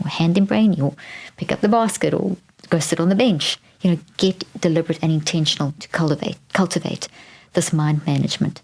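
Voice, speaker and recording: A woman with a low speaking voice hosts a podcast and explains parenting advice to listeners. She talks conversationally and restarts her sentences, and at times she lowers her voice to a soft whisper. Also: fairly quick, creaky, husky. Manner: drops to a soft whisper when modeling gentle phrases. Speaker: podcast host. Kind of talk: teaching talk to parents.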